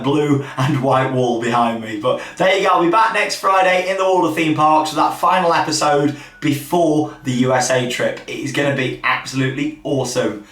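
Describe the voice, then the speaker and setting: A man hosting a casual weekly theme park news roundup, chatty and upbeat, with quick asides, recorded in a hotel room. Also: on the high side, a bit bright. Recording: echoey room, mic at a distance.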